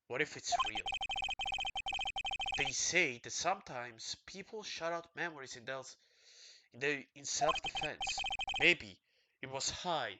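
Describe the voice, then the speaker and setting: A streamer voicing a brooding, haunted male prosecutor in a low, hushed, somber reading. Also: heavy background noise, natural voice.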